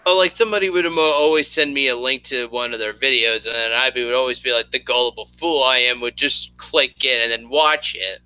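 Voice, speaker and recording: A man's voice: mid-range voice, a little fast, hardly any pauses, pushed and bright, smooth, dry recording, poor audio. A man co-hosting a casual gaming podcast chat, ranting with heavy profanity and laughing often. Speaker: podcast co-host.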